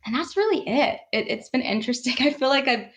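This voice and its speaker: With a high, expressive voice and a fast pace, this woman appears as a podcast guest. She laughs a lot while speaking earnestly and with emotion about how she has grown, in the style of a reflective conversational interview.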